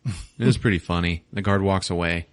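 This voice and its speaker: A male podcast host recaps a movie casually, packing it with crude jokes and his own laughter while acting out the scenes. His low voice sounds close and dry at a moderate pace, on a dry recording.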